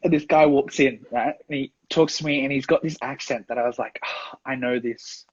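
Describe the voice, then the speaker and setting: Animated co-host, husky, laughs a lot, dull lo-fi sound. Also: medium pitch, fairly quick. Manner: lively storyteller, laughs a lot. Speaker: podcast co-host. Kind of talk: casual chat.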